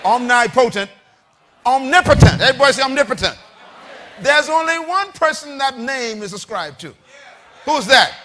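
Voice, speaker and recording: A man preaching a sermon to a congregation, with call-and-response lines, shouting and rising to big peaks. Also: extremely high pitch, animated, normal speed. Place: church with congregation.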